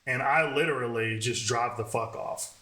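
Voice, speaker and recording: A man telling a dating story in a casual, profane, animated way. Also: mid-range voice. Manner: profane, animated, fast talking. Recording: roomy echo.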